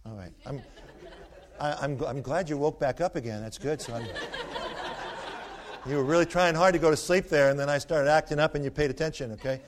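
An older man preaching a sermon, animated and joking as he tells stories and teases his listeners. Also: on the high side, fairly quick, long pauses.

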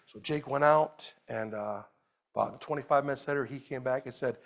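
A man preaching a sermon as a pastor at a church service, animated, moving between loud exclamations and quiet storytelling. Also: mid-range voice, normal speed, creaky.

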